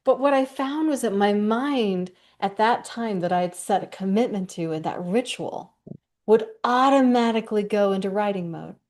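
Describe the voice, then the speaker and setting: A woman's voice: medium pitch, moderate pace. Enthusiastic woman sharing life lessons. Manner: animated and enthusiastic, speeds up when excited. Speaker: guest. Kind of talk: conversational podcast talk.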